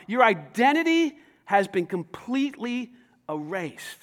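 High-voiced man preaching a sermon. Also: lively intonation, unhurried. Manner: conversational preaching with rhetorical questions, building to shouts. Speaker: pastor. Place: church.

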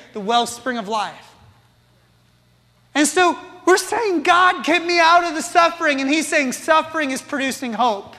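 A man preaches in a high, bright voice with a long hall reverb behind him. He speaks slowly and with passion, putting rhetorical questions to the congregation. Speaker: pastor. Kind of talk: sermon.

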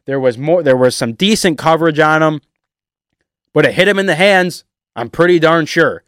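An animated man vents about his home team in a sarcastic, worked-up sports rant. His voice sits fairly high for a man. The recording is dry, with no room sound. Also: moderate pace, no echo. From Detroit area. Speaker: sports fan vlogger. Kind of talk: ranting sports commentary.

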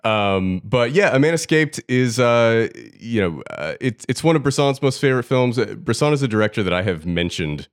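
A man hosting a film podcast, explaining at length in a relaxed way with some fillers. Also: medium pitch, moderate pace, few pauses, clear, resonant tone, dry recording, studio quality. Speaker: podcast host. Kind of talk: casual podcast discussion.

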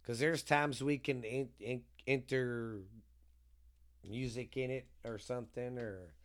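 A man's voice: medium pitch, steady tone, slow, smooth. A man co-hosting a podcast, casual and joking, with a lot of swearing. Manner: rambling, profane, joking. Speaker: podcast co-host.

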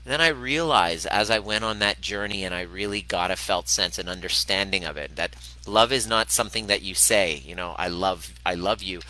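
A man's voice: low voice, moderate pace, hardly any pauses, sharp tone, low-quality recording. A man hosting a casual spoken monologue as a relationship coach, candid and a little profane, with frequent restarts. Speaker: podcast host, relationship coach.

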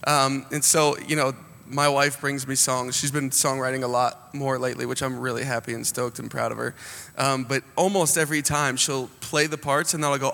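A man on a songwriting panel telling lively anecdotes and quoting others in his stories. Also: mid-range voice, moderate pace, gravelly. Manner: animated anecdote-teller, quotes people in his stories. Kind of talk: casual panel storytelling. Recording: long hall reverb.

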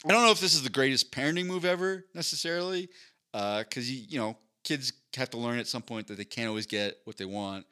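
A man co-hosting a podcast, telling a childhood story in a lively, animated way. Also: fast, smooth. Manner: animated, acts out his childhood self in a high voice. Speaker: podcast co-host. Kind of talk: casual storytelling chat.

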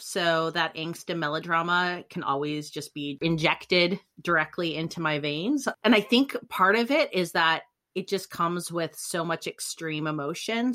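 A woman co-hosting a podcast, talking in an animated, reflective way. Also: fairly low pitch. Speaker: podcast co-host. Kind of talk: casual podcast chat.

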